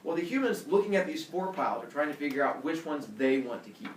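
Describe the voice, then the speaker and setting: Male teacher spinning a myth for pupils, lively and a little high, faint room noise. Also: fast talker. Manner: playful, animated, quizzing pupils. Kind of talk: telling a myth to a class. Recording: echoey classroom from far off.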